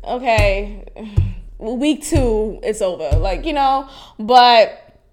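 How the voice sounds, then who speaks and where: A woman's voice: fairly high pitch, lively intonation, drawn-out words, a little mellow, soft background music. A young woman from Haiti hosting a podcast, talking frankly and animatedly about her life, laughing often and swearing freely. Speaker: podcast host. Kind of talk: candid personal podcast monologue.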